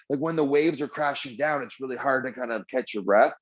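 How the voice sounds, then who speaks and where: A man teaches a relaxed mindfulness lesson in a chatty, storytelling way, using lots of fillers. He acts out the people in his stories with lively voices. The sound is slightly dull and muffled. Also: mid-range voice, a little fast. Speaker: mindfulness trainer. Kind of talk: casual spoken lesson.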